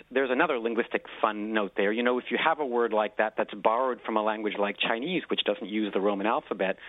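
Guest author, male, lowish voice, eager explainer, phone-line audio. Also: no echo. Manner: enthusiastic storyteller, lively explaining with fillers. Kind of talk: radio interview. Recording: tinny phone-line sound.

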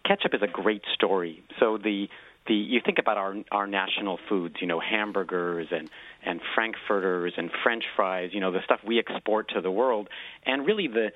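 A man's voice: lowish voice, normal speed. A man, a book author and radio guest, telling history eagerly and explaining with lots of fillers. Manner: enthusiastic storyteller, lively explaining with fillers. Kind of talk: radio interview. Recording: tinny phone-line sound.

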